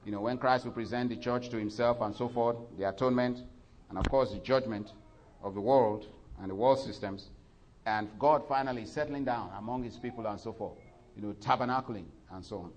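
Man preaching, swelling loud on scripture. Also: fairly quick, slight background noise. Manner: rises loud and high reading scripture, drops soft in asides; frequent fillers and self-corrections. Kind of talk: sermon.

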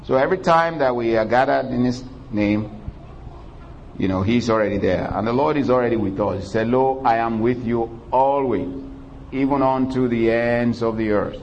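A pastor preaching a sermon in a church, praying aloud, calling for amens and reading scripture in old-fashioned wording. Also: male voice, mid-range voice, a little mellow, dull audio, a little hiss or hum. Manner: preacherly, drawn-out calls of praise and call-and-response.

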